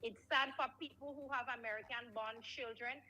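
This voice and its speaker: A woman's voice: on the high side, fairly even intonation, normal speed, sharp tone, slight background noise, poor audio. A woman calling in to a radio talk show, speaking emphatically and lecturing listeners. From Grenada.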